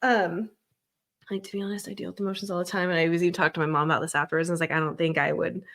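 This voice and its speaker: Woman, therapist, podcast host, animated, explanatory casual chat. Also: fairly low pitch. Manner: animated, explains with examples, quick laughs.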